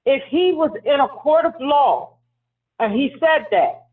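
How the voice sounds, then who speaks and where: High pitched guy hosting a call-in show, keeps pressing his point, phone line sound. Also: expressive, measured pace. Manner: insistent, repeats himself, talks over the caller. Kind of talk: heated call-in debate.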